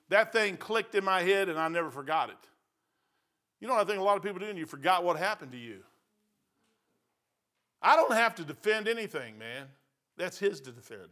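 Older midwestern pastor, high bright voice, folksy and emphatic, repeats himself for punch. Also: male voice, lively intonation, fairly quick. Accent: Midwestern American. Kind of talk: sermon.

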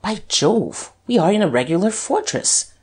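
Reader doing bored aristocrat duke, airy and high-pitched, audiobook. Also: male voice, very animated, moderate pace, slightly rough, heavily acted. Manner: airy, drawling, easily surprised. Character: Duke, careless young aristocrat, lightly mocking.

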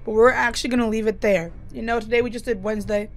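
A woman's voice: on the high side, fairly even intonation, fast talker. A young woman giving dramatic, panicky commentary while playing a horror game and talking to her viewers. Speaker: gaming YouTuber.

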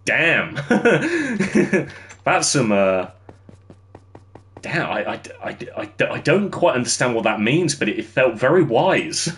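A young livestreamer with a mid-range, slightly bright voice chats with viewers while building in a game, offering casual commentary. He's very animated yet takes it slowly, and laughs easily.

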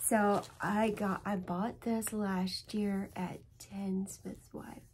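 This flosstube host speaks in a mid-range, darkish, level voice at a slow pace, with a little hiss or hum in the recording. At home, she shows off her stitching projects on her own vlog, chatting in a rambling, emotional, show-and-tell way.

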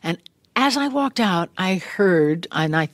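An older woman tells a story in a lively, animated way and acts out the lines of the people in it. Her voice sounds a little harried, and the dry recording has almost no room echo. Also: lowish voice, slow pace. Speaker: guest actress. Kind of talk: casual storytelling interview. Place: large room used as a podcast studio.

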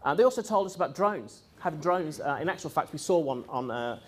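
A man's voice: fairly high pitch, fairly quick, slight background noise. A man telling a long story in a casual, rambling way, full of fillers and acted-out quotes. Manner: rambling, lively, quotes others in voices, frequent fillers. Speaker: speaker recounting experiences.

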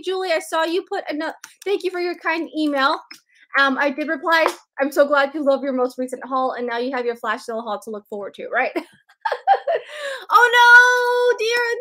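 Bubbly high-voiced woman hosting a live stream. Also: a bit bright. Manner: bubbly and chatty, calls viewers girlfriend. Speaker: host of a live sales stream. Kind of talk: live stream shout-outs to viewers.

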